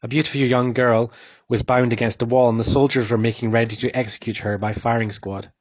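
A man reading a story aloud in a steady, even way. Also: mid-range voice, brisk, no echo, highs cut off. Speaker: narrator.

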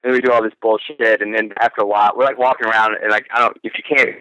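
A man's voice: lowish voice, steady tone, fast, bright, forceful tone, dry recording, muffled recording. A man on a podcast telling a long casual story, rambling and crude, often laughing through his own lines. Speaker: podcast guest.

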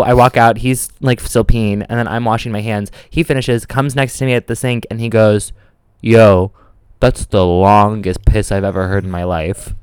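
A man's voice: mid-range voice, smooth, no echo. A young man co-hosting a podcast, telling a story in casual chat and acting out the voices of the people in it. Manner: animated storyteller who acts out quoted voices. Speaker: podcast co-host.

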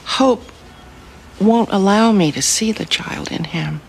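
An actress playing a stern juvenile-court judge in a TV drama, speaking in measured, severe pronouncements. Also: female voice, mid-range voice, creaky, a little hiss or hum. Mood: firm.

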